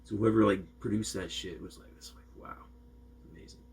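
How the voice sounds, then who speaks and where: A man's voice: lowish voice, steady tone, brisk, gravelly, darkish tone, breathy edge. A man from Maine co-hosting a music reaction video, chatting in a rambling, laid-back way with lots of slang. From Maine, USA. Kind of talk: casual reaction chat.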